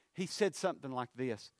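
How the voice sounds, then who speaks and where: A man, preaching a sermon. His loud, rising appeals drop to low, hushed phrases. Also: dry recording.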